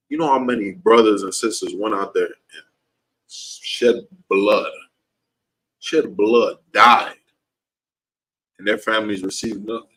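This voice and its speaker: A man's voice: lowish voice, steady tone, unhurried, pauses often, sharp tone, slightly rough, low-quality recording. A man teaching a class in an impassioned preaching style, heated and repetitive, his voice leaping upward when he gets worked up.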